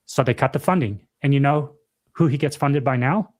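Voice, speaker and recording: A young man in casual podcast chat, pressing his points hard and saying them twice. He drops dude and bro as he goes, with an ordinary middle pitch. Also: normal speed, darkish tone. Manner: emphatic, repeats himself, says dude and bro. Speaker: podcast co-host.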